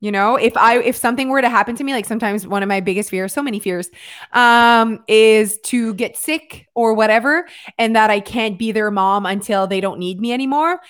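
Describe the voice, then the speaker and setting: A woman's voice: on the high side, brisk, smooth. A woman in her thirties talking casually as a podcast co-host, chatty and rambling, restarting her sentences often. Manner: chatty, many restarts and fillers like "like". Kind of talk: casual chat.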